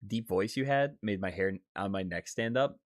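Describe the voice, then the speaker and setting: A man's voice: on the low side, normal speed, dry recording. A man live-streaming casual chat, reading viewer questions aloud with giggly, profane banter.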